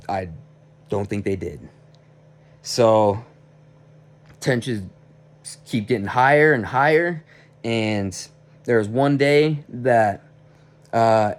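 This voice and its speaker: Man telling a work story. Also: mid-range voice. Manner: rambling, restarts, heated retelling. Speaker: vlogger. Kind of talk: casual storytelling.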